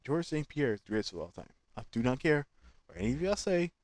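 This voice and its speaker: A man hosting his own channel, giving opinionated, animated fan commentary in slangy casual speech. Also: fairly high pitch, quick pace, no room sound. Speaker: channel host.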